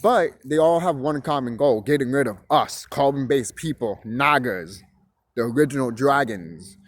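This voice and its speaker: A man's voice: mid-range voice, expressive, normal speed, no echo. A young man talking casually, rambling and swearing, shivering a bit from the cold outdoors. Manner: rambling, profane and emphatic, with restarts. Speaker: vlogger. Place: outdoors on a chilly hillside.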